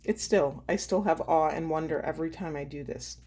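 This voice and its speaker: A woman, a spiritual coach, doing an intuitive card reading in an earnest, slow and emphatic way, pausing to feel for her words. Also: deep voice, warm tone.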